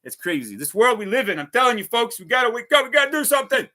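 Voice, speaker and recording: A man's voice: very high voice, big pitch swings, fast, pushed and bright. A man ranting heatedly on a casual livestream, swearing often and repeating himself. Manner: heated, profane, repetitive ranting. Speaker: vlogger.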